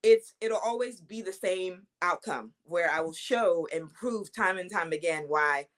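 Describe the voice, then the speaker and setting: Young woman wrestler, lower voice, confident trash talk, casual interview. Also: unhurried, a bit bright. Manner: confident, trash-talking, with fillers and repeats. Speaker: wrestler and champion guest.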